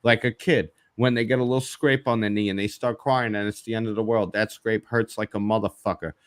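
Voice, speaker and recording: A man's voice: on the low side, fairly even intonation, a little fast. A man hosting a live stream, chatting casually in a blunt, joking, profane way. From New York. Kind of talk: casual chat.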